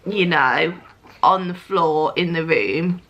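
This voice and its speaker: A woman's voice: sits low, takes it slowly, creaky, a bit bright, highs cut off. A young woman, chatting casually as she tells a story to camera, laughing often and acting out what others said. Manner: chatty, laughs often, acts out quoted lines. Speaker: vlogger.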